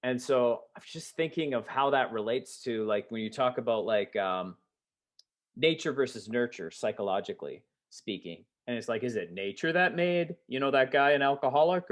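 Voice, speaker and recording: Young man, podcast co-host, rambling, filler-heavy, mid-pitched, laughs a lot. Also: lively intonation, a little fast. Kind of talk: casual chat.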